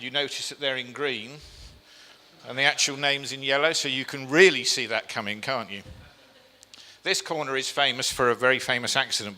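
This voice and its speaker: Man, very bright voice, chatty live slide talk, reverberant hall. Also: medium pitch. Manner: chatty, self-deprecating, asks the audience questions. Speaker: speaker giving a short slide talk. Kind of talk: live presentation to an audience. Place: event hall with a live audience.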